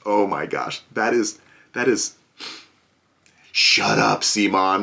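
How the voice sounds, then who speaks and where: Low-voiced man rambling sarcastically. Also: a little slow, creaky, long pauses, pushed and bright. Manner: rambling, sarcastic, many fillers and restarts. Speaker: board game video host. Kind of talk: casual product review chat.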